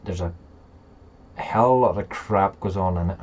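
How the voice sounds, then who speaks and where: A man's voice: low-pitched, measured pace, a little mellow, highs cut off. A man hosting a casual live chat, rambling and talking straight to his viewers. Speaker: livestream host.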